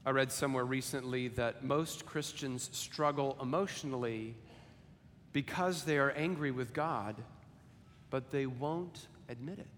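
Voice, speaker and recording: A man preaching a sermon and reading scripture, deliberate and measured, lifting his voice for quoted lines and sinking soft on solemn ones. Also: medium pitch, a little hiss or hum. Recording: long hall reverb, faint ambience.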